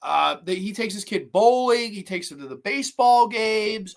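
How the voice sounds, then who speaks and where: Speaking at a normal pace with few pauses, this woman hosts a movie review podcast and tears into a film she can't stand, profane, blunt and fed up. Her voice is medium-pitched and creaky, with lively intonation.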